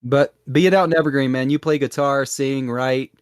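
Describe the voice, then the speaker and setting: A man hosts a casual interview. He asks questions in an easygoing, agreeable way. His voice sits in a middle pitch, recorded close and dry. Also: steady tone, moderate pace, clear, resonant tone, no echo. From Alabama, US. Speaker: podcast host.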